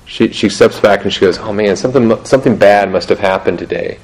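A middle-aged man talking through parenting in a casual, halting way, restarting sentences often and laughing at himself. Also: lowish voice, a little mellow, rough recording. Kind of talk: casual teaching talk on parenting.

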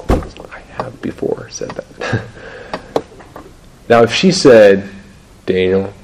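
A middle-aged man talking through parenting in a casual, halting way, restarting sentences often and laughing at himself. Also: deep voice, low-quality recording. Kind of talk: casual teaching talk on parenting.

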